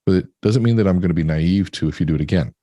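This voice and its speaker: A man on a podcast, chatting and telling stories with lively voices for the characters. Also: low-pitched, very fast, no echo. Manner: animated storyteller, acts out characters. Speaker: podcast guest. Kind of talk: casual conversation.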